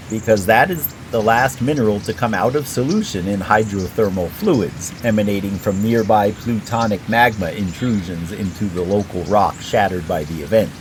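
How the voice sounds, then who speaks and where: A man with a lowish voice reads a prepared script over footage in a measured, explanatory tone. A faint hum of background noise sits under his steady voice-over. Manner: measured, careful, explanatory delivery. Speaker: rock collector and channel host.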